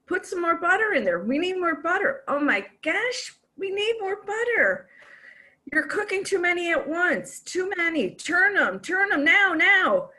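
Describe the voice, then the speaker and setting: A woman voicing a fussy, frantic husband who nags about cooking eggs in a shrill, rapid rush. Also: big pitch swings, pushed and bright, heavily acted. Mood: frantic, bossy.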